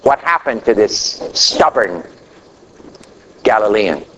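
Male pastor, sermon delivery, unhurried and dramatic, falling phrase endings, faint noise behind. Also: big pitch swings, fairly bright tone, low-quality recording. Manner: slow, dramatic preaching, drops low at the ends of phrases.

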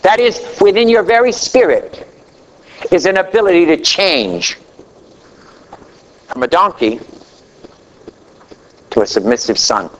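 Male pastor, sermon delivery, unhurried and dramatic, falling phrase endings, faint noise behind. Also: animated, low-quality recording. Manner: slow, dramatic preaching, drops low at the ends of phrases.

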